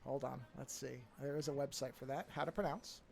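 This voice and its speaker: A man co-hosting a podcast in casual chat, relaxed and chuckling as he tells his own story. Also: medium pitch, brisk, gravelly. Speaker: podcast co-host.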